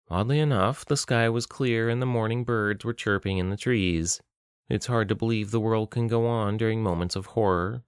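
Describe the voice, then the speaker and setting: Deep-voiced male audiobook narrator. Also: dry recording, clean studio sound. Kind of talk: scripted narration.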